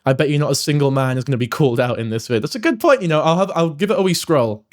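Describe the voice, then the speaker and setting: Guy reacting to clips, kinda high voice, laughing and cursing. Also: expressive, racing. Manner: swears a lot, laughs often. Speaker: streamer reacting to videos. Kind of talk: casual reaction commentary.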